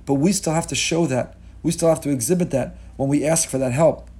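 A man's voice: on the high side, a little fast, warm tone, breathy edge. A man giving a sermon as a rabbi, impassioned and rhetorical, repeating key words for emphasis and mixing Hebrew and Yiddish terms into his talk. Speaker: rabbi teaching a class.

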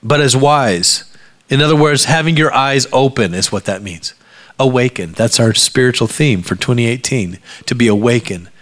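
A man in middle age preaching to his congregation in a church. He delivers the sermon with humor and animation, swinging from loud bursts to hushed, confiding asides. His voice sits at a middle pitch. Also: moderate pace. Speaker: pastor. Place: church sanctuary before a congregation.

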